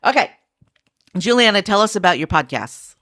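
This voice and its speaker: A woman's voice: mid-range voice, very animated, normal speed, a bit bright. A woman hosting a podcast, steering the talk and speaking directly to the listeners. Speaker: podcast host. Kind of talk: casual podcast chat.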